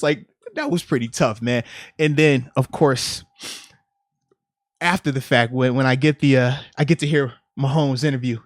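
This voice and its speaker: A man in his thirties, a podcast host, talking sports in an animated casual way and breaking into loud imitations. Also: fairly high pitch, dry recording, clean studio sound.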